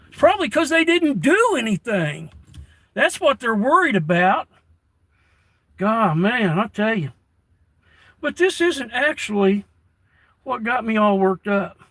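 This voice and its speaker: A man's voice: very high-pitched, very animated, a little slow, long pauses, a bit bright, dry recording, low-quality recording. An older man chatting casually on a livestream, folksy and given to rants, reading his chat off a tablet. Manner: folksy, ranting. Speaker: live streamer.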